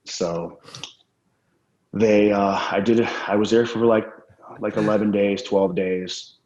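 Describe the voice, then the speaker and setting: Guy with a lowish voice rambling thru swear-heavy stories, roomy muffled audio. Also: steady tone, takes it slowly, darkish tone. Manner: candid, profane, rambling anecdotes. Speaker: interview guest. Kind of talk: casual storytelling interview. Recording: roomy, dull lo-fi sound.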